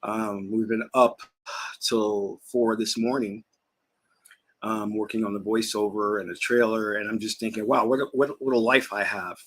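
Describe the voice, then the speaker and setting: A man with a husky, slightly breathy voice that sits a little low. He hosts his own channel and chats in a loose, rambling way, breaking into laughs, with food in his mouth now and then. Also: steady tone, normal speed, a bit bright. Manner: rambling, chatty, laughs while talking. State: talking while eating. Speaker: spiritual teacher and channel host. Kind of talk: casual vlog chat.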